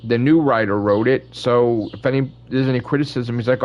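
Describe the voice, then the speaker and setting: A man's voice: medium pitch, normal speed, lo-fi sound. A man hosting his channel, ranting in casual fan commentary with blunt opinions and constant swearing. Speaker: channel host.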